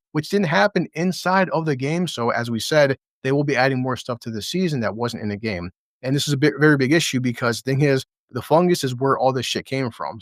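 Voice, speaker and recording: A man's voice: mid-range voice, no room sound, studio quality. Sarcastic, profane man reviewing a show. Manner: impersonates characters in quick asides. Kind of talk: casual spoken review.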